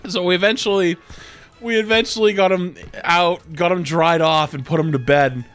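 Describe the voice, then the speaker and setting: A young man in his twenties, a streamer casually telling a story, animated and profane, often getting loud. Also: sits high, normal speed, soft background music. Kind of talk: casual storytelling while gaming.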